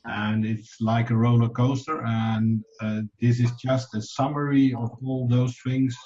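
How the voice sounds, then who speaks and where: A man co-hosting a webinar who talks in a relaxed, hesitant way with many fillers. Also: mid-range voice, unhurried. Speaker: webinar co-host. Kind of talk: casual webinar talk. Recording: dull video call audio.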